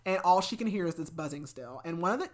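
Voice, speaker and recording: Chatty woman with a lowish voice. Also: expressive, fast talker. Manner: chatty, many fillers and restarts. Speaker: podcast host. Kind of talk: casual book recap.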